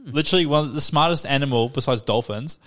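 A man's voice: medium pitch, fast talker, a bit bright. A young man co-hosting a podcast in casual chat, rambling and swearing, with lots of filler words. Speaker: podcast co-host.

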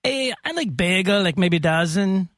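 A man's voice: high-pitched, lively intonation, moderate pace, fairly bright tone, dry recording. A man puts on a stubborn old lady customer with a raised, fluting voice and a sloppy accent, speaking in short, clipped phrases. The recording is dry and close. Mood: insistent.

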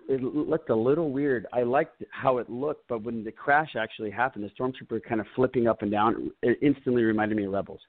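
A man's voice: mid-range voice, dry recording. An easily amused male co-host chats about a film trailer, often stopping to restart his sentences. The sound is dry and thin, like it is coming over a phone line. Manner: enthusiastic, laughs easily, halting restarts. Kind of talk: casual podcast chat.

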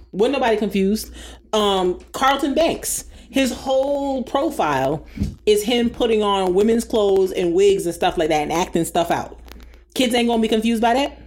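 A woman co-hosting a casual chat show, sassy and animated, rattling off opinions with mocking quoted asides. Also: medium pitch. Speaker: podcast co-host.

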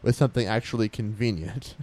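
A man hosting a podcast in a casual, animated and chatty way. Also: lowish voice, brisk. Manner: animated, chatty, frequent fillers. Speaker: podcast host.

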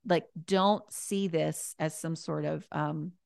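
A woman, a guest author, chatting casually and warmly, repeating her key points as she gives encouraging advice. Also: deep voice, steady tone, slow, gravelly, dry recording, clean studio sound.

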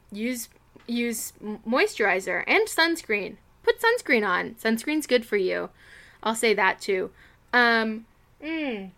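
A young woman co-hosting a casual podcast, talking in a chatty, rambling way full of fillers. Her voice is bright, smooth and resonant, and sits a little high. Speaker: podcast co-host. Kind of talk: casual chat.

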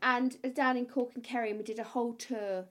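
A bubbly woman hosts a relaxed chat, her voice sitting fairly high. She teases her guest playfully and breaks into laughter often. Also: fairly quick. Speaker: podcast host. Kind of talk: casual interview chat.

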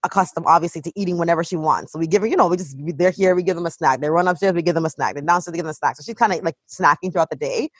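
Husky mom chatting away, animated, lots of "like", dry close sound. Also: female voice, on the low side, very fast, few pauses, no room sound. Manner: animated storytelling, heavy use of "like". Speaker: mother of a toddler. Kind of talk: casual chat.

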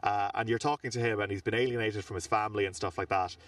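An Irish man, a reporter and podcast co-host, telling animated, rambling stories from a trip, recorded outside a large building. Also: fairly low pitch, fast talker, distant mic. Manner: animated, rambling anecdotes with fillers. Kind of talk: casual on-location storytelling. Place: outdoors in front of a large government building.

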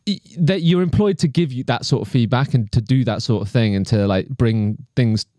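A man, an actor and podcast co-host, chatting casually in an animated, sweary way, full of fillers and restarts. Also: medium pitch, normal speed, no echo, clean studio sound.

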